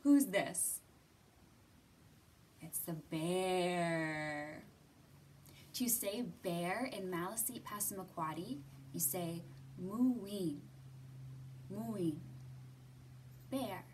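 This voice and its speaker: Children's librarian, young woman; slow, coaxing storytime delivery, a bit off-mic. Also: on the low side, distant mic, slight background noise. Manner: gentle, coaxing, sing-song questions to kids. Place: library room.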